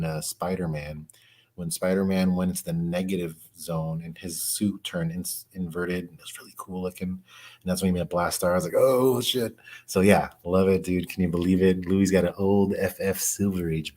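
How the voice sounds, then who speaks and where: A man chatting casually on a livestream as a comic collector, excitable, slangy and laughing often. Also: low-pitched.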